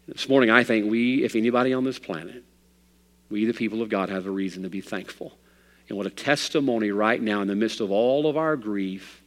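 A male pastor preaching a sermon, telling a story and swinging from loud, emphatic lines to quiet ones. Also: on the low side, in a large hall.

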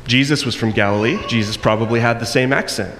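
A man preaching a sermon, acting out the quoted voices and moving between loud and soft passages. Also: mid-range voice, fast talker. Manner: acts out quoted voices, varies loudness widely. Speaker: pastor. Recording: long echo in a hall, faint noise.

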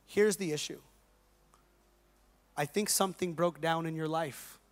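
A male pastor with a slightly high voice keeps a steady tone and measured pace as he delivers a conversational, joking sermon in slang to a live congregation at a church service.

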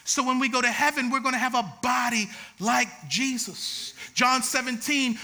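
A man preaching a sermon, swinging between shouted lines and quieter teaching. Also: very high-pitched. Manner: shouting, preaching with rising intensity.

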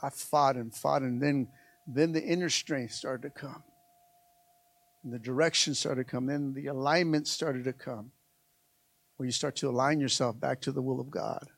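A man's voice: medium pitch, steady tone, moderate pace, vocal fry. A man preaching a sermon as pastor, emphatic and repetitive, calling out to his congregation again and again.

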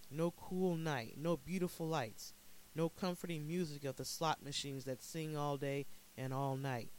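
A man narrating a dark short story in a measured, dramatic way. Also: a little high, low-quality recording.

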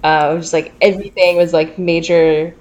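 A woman's voice: sits low, little pitch movement, a little fast, a little mellow. A woman co-hosting a casual movie discussion, chatty and hedging with fillers. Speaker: podcast co-host.

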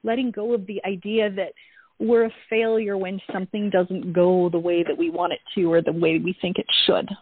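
A woman's voice: medium pitch, flat delivery, moderate pace, slightly rough, no echo. A middle-aged woman speaking candidly in a casual conversation, telling personal stories and reflecting. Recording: tinny call audio.

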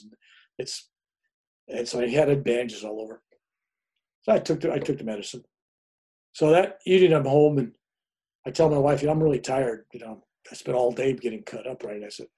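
Older man telling a story, husky and mellow. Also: mid-range voice. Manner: animated storyteller, acts out quoted voices. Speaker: guest, reverend. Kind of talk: casual storytelling.

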